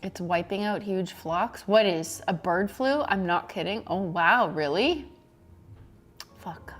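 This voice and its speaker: A woman's voice: mid-range voice, slow pace. A woman hosting a casual cooking livestream, chatty and giggly, swearing offhandedly as she chops vegetables. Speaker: livestream host.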